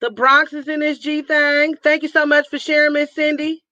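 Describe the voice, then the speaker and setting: A high-pitched woman with a bright, forceful voice hosts a casual livestream chat, calling out her viewers one by one with upbeat hype. She's from Northern California. The sound is dry and a bit dull, like a lo-fi stream. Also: level tone, normal speed, dry recording. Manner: upbeat, hypes viewers with call-outs and nicknames. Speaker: livestream host.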